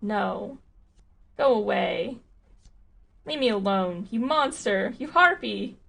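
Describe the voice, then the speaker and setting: Bitter widow on a ship, tearful outbursts, read by a woman, heavy vocal fry. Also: a little high, slow pace, heavily acted. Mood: furious. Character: grieving, hostile young widow on a ship.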